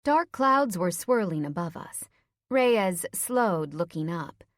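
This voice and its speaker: A woman's voice: on the low side, animated, slow, no echo. Close, dry woman audiobook narrator. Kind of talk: first-person audiobook narration.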